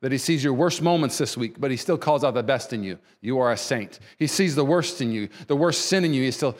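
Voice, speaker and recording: A man preaching a sermon as pastor, conversational and animated, repeating phrases and voicing quoted people. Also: brisk, few pauses, in a large hall. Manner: voices quoted people with pitch jumps.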